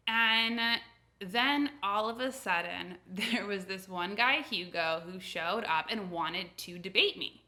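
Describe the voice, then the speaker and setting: A young woman from the United States who coaches on intuition, talking casually to camera in a chatty, animated storytelling way. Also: mid-range voice, slow.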